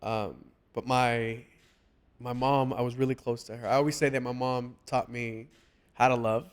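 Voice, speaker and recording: A man hosting a casual podcast chat, talking earnestly and haltingly with many restarts. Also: medium pitch, steady tone, smooth. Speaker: podcast host.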